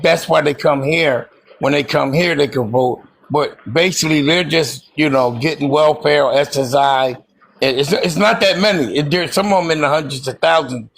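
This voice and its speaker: Gravelly man rambling on a panel. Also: fairly high pitch, a little hiss or hum. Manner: halting, rambling. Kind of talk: heated live panel debate.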